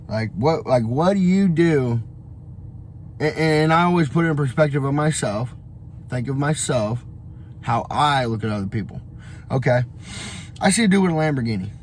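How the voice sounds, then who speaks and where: A man's voice: mid-range voice, slight background noise. A young man vlogging on the road, giving a blunt, profane motivational rant full of fillers and restarts. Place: on the road, traveling.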